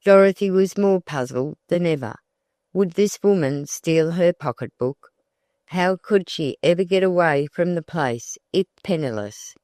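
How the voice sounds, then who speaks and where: Slow, measured audiobook narrator. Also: medium pitch, a little mellow, dry recording, clean studio sound. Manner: measured, deliberate reading.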